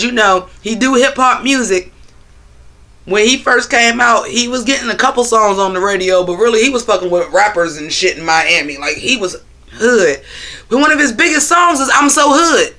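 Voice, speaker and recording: A man with a high, bright, forceful voice hosts a casual livestream from his phone. He talks loosely and swears as he answers his chat.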